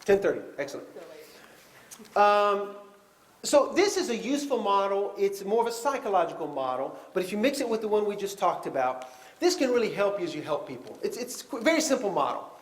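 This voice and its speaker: A man teaching a counseling class in a high, bright-pitched voice that swoops up and down as he talks. He keeps it conversational and animated, slipping into quoted voices to act out examples. The room is echoey around him. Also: brisk. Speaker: pastoral counseling lecturer. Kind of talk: classroom lecture.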